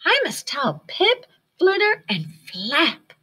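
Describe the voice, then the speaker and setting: A sweet young girl bat, as a woman reading aloud puts her on, high and chirpy above the reader's own voice. She sounds eager, kind and full of cheer, a storybook heroine. Her pitch lifts well up and swings freely. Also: slow pace, heavily acted. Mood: delighted. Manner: bright, excited and cheerful.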